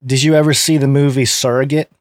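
A man's voice: mid-range voice, little pitch movement, fast talker, dry recording. Man, American accent, podcast host, rambling casual talk, dry close sound. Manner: rambling, lots of fillers and restarts. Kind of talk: casual podcast chat and reading news aloud.

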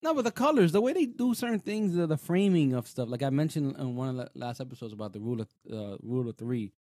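A man co-hosting a casual show chat, talking in an animated, rambling way with lots of fillers. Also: medium pitch, fast, dry recording, studio quality. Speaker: podcast co-host. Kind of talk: casual chat reviewing a TV episode.

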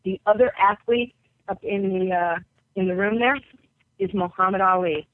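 A New York woman, a basketball coach appearing as a podcast guest, tells personal stories in an interview, vividly acting out the voices of people she quotes. Her voice is mid-range at normal speed. The sound is a tinny, dry phone line with no echo.

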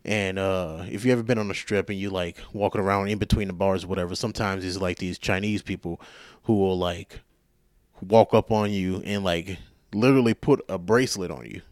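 A male podcast host telling a rambling story in casual chat, profane, animated and self-mocking, sounding tired. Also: sits low, a little fast, no room sound, clean studio sound.

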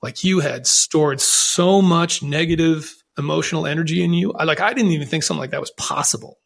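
A man's voice: fairly high pitch, brisk, vocal fry, a bit bright. A man telling his own story as a podcast guest, in an earnest, reflective way with frequent restarts. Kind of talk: candid conversational storytelling.

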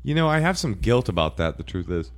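Deep-voiced fast-talking man telling stories. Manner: fast-talking, animated storytelling. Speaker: comedian guest. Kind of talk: casual chat.

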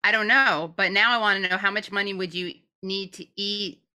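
A woman's voice: medium pitch, steady tone, moderate pace, sharp tone. A woman co-hosting a casual commentary chat, blunt and profane, with a sarcastic edge. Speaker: co-host.

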